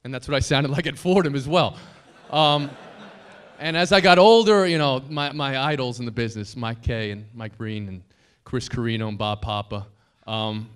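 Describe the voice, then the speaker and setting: A man's voice: mid-range voice, moderate pace, hardly any pauses, clear, resonant tone. A man in his thirties, a broadcaster giving an anniversary dinner speech at a podium microphone, self-deprecating and funny but sincere and grateful. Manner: joking, self-deprecating storyteller; heartfelt, grateful tribute. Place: banquet hall dinner.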